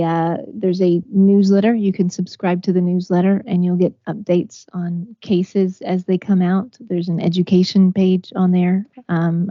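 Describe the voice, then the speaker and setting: A woman's voice: on the low side, no echo, muffled recording. A woman from Texas, a guest in a conversational interview, speaking earnestly with frequent fillers and restarts. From Texas, USA. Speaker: interview guest, organization founder.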